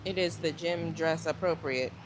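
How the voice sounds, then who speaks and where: A woman's voice: deep voice, moderate pace, noisy background. A young woman from Virginia chatting casually with her livestream viewers from a gym, talking them through her workout. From Virginia, United States. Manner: chatty, addresses viewers as y'all. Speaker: livestreaming fitness creator. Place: gym, indoors.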